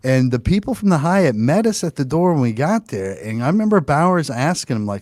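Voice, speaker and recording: A man's voice: a little high, a little fast, few pauses, dry recording. A man who hosts a casual comedy chat, telling stories and acting out the people in them. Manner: animated storyteller, acting out quotes. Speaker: comedian host. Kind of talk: casual chat on a video call.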